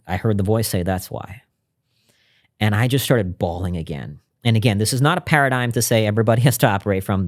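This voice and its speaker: Earnest, low-voiced man telling his story. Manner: earnest and reflective, drops to a hushed voice when recounting intimate moments. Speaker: podcast guest. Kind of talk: conversational interview storytelling.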